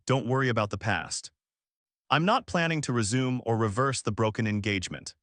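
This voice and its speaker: A man voicing a calm, confident young male noble heir, recorded dry and close. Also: mid-range voice, a little fast, no room sound, natural voice.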